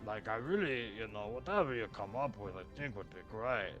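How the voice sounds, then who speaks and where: A man's voice: lowish voice, lively intonation, brisk, a bit bright, muffled recording, faint music behind. A man voicing an earnest male orc warrior who speaks in broken English, full of hesitant fillers. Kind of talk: tabletop role-play voicing.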